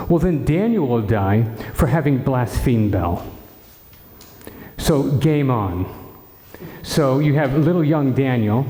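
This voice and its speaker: Friar guy preaching, acting out the story, mellow voice, big echoey hall. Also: medium pitch. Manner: animated storytelling, acting out dialogue, frequent restarts. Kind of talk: retreat talk retelling scripture. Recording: echoey hall with long reverb.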